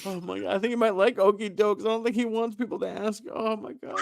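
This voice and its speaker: High-voiced, creaky podcast co-host. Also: male voice, fairly even intonation, fast talker, noisy background. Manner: reactive, amused interviewer asking follow-up questions. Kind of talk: casual podcast chat.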